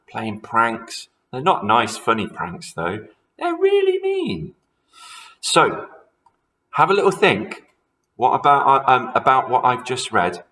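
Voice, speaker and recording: Teacher, male, slow and animated story reader, lowish voice. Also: poor audio. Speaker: primary school teacher. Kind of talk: reading a story aloud to children.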